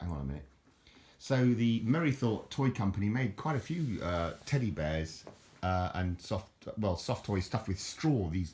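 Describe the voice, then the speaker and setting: Talking casually to camera, an older southern English man rambles in a low, slightly mellow voice. He chuckles, wanders between ideas, and keeps repeating words and starting sentences over. He's a vlogger from southern England with a southern English accent.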